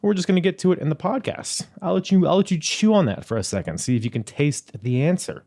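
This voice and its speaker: A man's voice: a little high, expressive, quick pace, warm tone. A young man hosting a wrestling podcast in a casual, goofy, rambling way, joking with himself and the listener. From Virginia. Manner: goofy, rambling, self-mocking. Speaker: podcast host.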